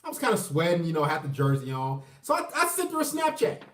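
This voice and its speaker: Animated man in an echoey room. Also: fast talker, a little hiss or hum. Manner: animated and profane, swinging between loud outbursts and low mutters. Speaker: vlogger telling a personal story. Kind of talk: casual storytelling. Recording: roomy echo, mic at a distance.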